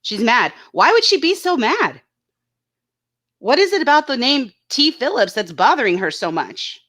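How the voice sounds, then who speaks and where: A woman hosting her own YouTube channel talks casually and bluntly about online drama, swearing freely and reading out viewers' chat comments. Her voice sits high and is a bit bright, with big pitch swings, at a normal speed.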